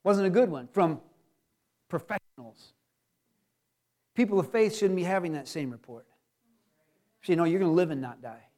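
A man preaching a sermon as pastor, animated, acting out the inner voices of his listeners. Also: high-pitched, moderate pace, pauses often.

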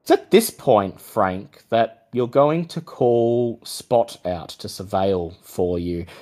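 A man running a tabletop game as game master, narrating scenes descriptively with frequent pauses. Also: on the low side, expressive, a little mellow.

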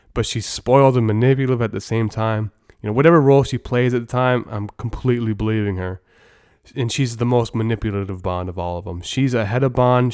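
A man hosts a casual movie review podcast, giving blunt, opinionated takes with jokes and the odd curse. His voice is smooth and clear, sitting at a middle pitch. The sound is dry and close, with no room echo. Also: a little mellow. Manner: opinionated, blunt, joking, with profanity. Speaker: podcast host.

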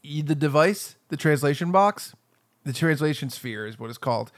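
A man riffs on a comedy podcast, pitching ridiculous products with the confidence of a salesman. His voice sits a bit high for a man, and he restarts his sentences as the ideas come. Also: lively intonation, normal speed. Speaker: podcast co-host.

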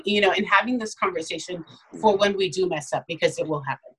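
A woman's voice: lowish voice, fast, slightly rough, rough recording. A woman chatting casually about parenting, telling stories and acting out little quoted voices along the way. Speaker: parenting guest. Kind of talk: casual podcast chat.

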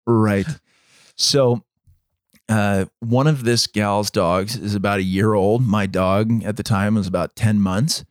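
A man co-hosting a podcast, telling a story in a measured, dramatic way. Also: on the low side, fairly even intonation, no room sound, studio quality. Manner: measured, dramatic storytelling, acts out quoted voices. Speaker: podcast co-host. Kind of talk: storytelling in casual chat.

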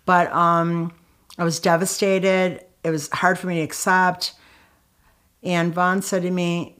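A woman's voice: lowish voice, little pitch movement, measured pace, fairly bright tone. Candid middle-aged woman telling her story. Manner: emotional and candid, with frequent fillers and restarts. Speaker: guest, author and anti-violence activist. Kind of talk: conversational storytelling.

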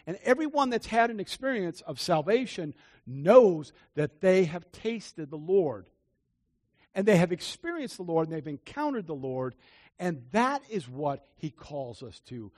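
An older man with a husky, slightly high voice preaches from personal experience. His pitch rises and falls widely as he repeats phrases with earnest conviction, dropping to near-hushed confession and then climbing back to emphatic declaration. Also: very animated, unhurried. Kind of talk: testimony-style sermon.

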